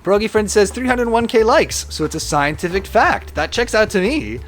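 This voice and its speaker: Male game streamer, casual and animated, high bright pitch with big swings, reads chat aloud. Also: moderate pace, faint music behind.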